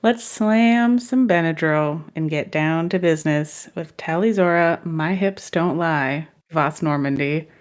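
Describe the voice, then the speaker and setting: Woman podcast co-host, lowish voice, playful and jokey. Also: unhurried, hardly any pauses. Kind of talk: casual chat.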